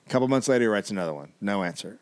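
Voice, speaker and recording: A man's voice: fairly low pitch, expressive, very fast, darkish tone. A man co-hosting a comedy podcast, telling a history story casually with wry asides and the odd swear.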